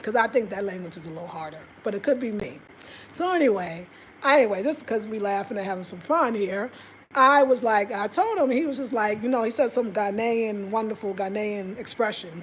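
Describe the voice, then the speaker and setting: A middle-aged woman vlogger telling a story in a casual, animated way, laughing often and acting out quotes. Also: a little high, a little hiss or hum. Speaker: travel vlogger.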